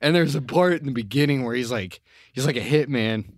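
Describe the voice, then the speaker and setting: A man's voice: medium pitch, brisk, no room sound, studio quality. A young man co-hosting a podcast, telling a story in a rambling way, laughing often and swearing casually. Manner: rambling, laughs a lot while telling stories, crude language. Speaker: podcast co-host.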